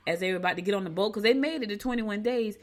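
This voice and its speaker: An older woman hosting a show from a home studio, chatting casually and reading horoscopes with lively storytelling asides. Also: medium pitch, racing. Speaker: radio show host.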